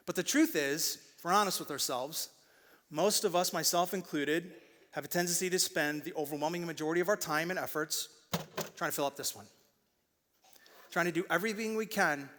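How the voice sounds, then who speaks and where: Lively pastor preaching in a reverberant hall. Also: male voice, on the high side. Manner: animated storytelling, acts out quoted voices. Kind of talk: sermon. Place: church stage.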